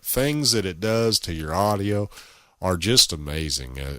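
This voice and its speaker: A man's voice: deep voice, fairly bright tone, no room sound. A man who operates an amateur radio station, talking through a gear demo in a boastful, crude and folksy way into a close studio microphone.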